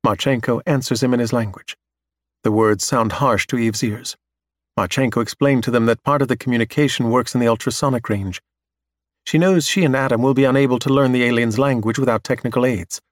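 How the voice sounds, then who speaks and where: A man reading a story aloud in steady, measured scripted narration. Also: mid-range voice, no room sound, studio quality.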